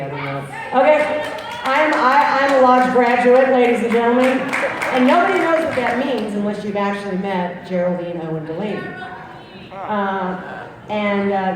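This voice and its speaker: A woman in her fifties telling a story to a crowd at a recovery rally, swinging from hushed asides to shouting. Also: mid-range voice. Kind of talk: public speech. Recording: echoey hall from far off with crowd.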